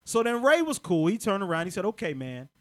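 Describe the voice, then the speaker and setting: A man's voice: very animated, quick pace. A man telling a comic story in a podcast chat, laughing, swearing and acting out other people's voices. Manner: loud laughing delivery with sudden pitch jumps. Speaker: comedian guest.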